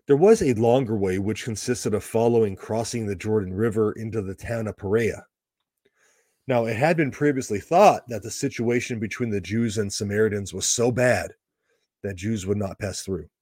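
A man's voice: on the low side, moderate pace, a little mellow, no echo, studio quality. A man teaching a Bible passage verse by verse, explaining the background in a conversational way with casual asides.

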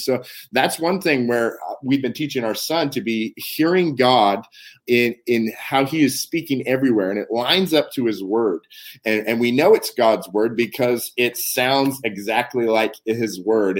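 A man talking as a guest minister, sharing faith testimony in a fervent conversational way, often repeating words as he searches for his thought. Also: mid-range voice. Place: Canada.

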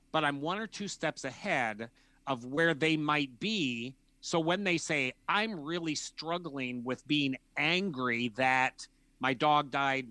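A man who works as a counselor, explaining his approach in a measured, thoughtful way and acting out imagined dialogues. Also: mid-range voice, sharp tone, dry recording. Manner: acts out imagined dialogues in different voices. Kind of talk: explanatory conversation.

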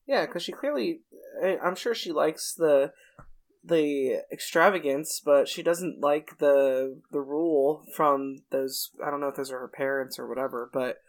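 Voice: medium pitch, unhurried. A speaker in casual conversation about a film, asking questions in a hesitant way. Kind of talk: casual movie discussion.

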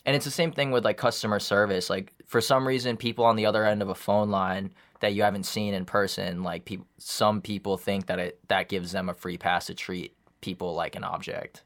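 A man's voice: lowish voice, fairly even intonation, fairly quick, hardly any pauses, fairly bright tone. A young man in his twenties in casual chat, rambling with lots of fillers and some swearing. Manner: rambling, profane, many fillers.

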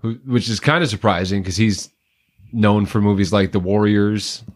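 A man's voice: on the low side, steady tone, moderate pace. A man co-hosting a movie podcast, chatting casually with dry, teasing banter. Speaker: podcast co-host. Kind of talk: casual chat.

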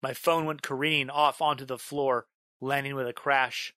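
A man tells a first-person horror story in a bright, clear voice, recorded close with no room sound. His delivery is dramatic, stretching out a haunting refrain and erupting into shouts as the tension mounts. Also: mid-range voice, steady tone, no echo. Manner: dramatic, slows down on a repeated line, bursts into yelling. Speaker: narrator.

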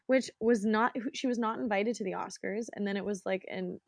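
A woman's voice: medium pitch, brisk, vocal fry, no room sound. A woman co-hosting a casual chat, retelling jokes with lots of fillers. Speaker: podcast co-host.

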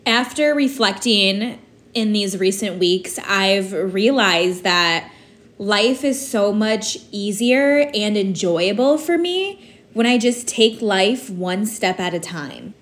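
A woman with a medium-pitched, fairly bright voice hosts a solo podcast. In a reflective monologue, she talks through her feelings candidly and casually, using lots of "like" and "you know".

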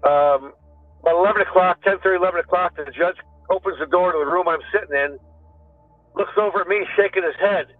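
A former detective, a man, talks through his story in a loose, conversational way, restarting sentences and quoting what others said. His voice sits a touch high for a man and comes through a tinny phone-like line. The sound is dry, with faint music beneath. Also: fairly quick, no echo. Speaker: former police detective, interview guest. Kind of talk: recounting a story in casual talk.

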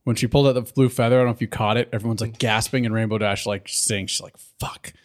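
A man's voice: on the low side, fairly even intonation, racing. A man co-hosting a casual chat, swearing a lot and laughing often. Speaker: podcast co-host.

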